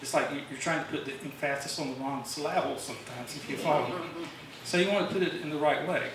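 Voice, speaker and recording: Recorded from afar in a highly reverberant meeting room, with a faint hiss, a man delivers a casual songwriting talk to a club, wandering through fillers and false starts. He speaks fast in a fairly high, slightly bright voice.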